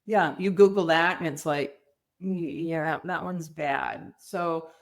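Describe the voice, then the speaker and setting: A middle-aged woman with a somewhat low voice tells her story as an interview guest. She talks candidly and slips into quoted dialogue with animated voices. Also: slow. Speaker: podcast guest.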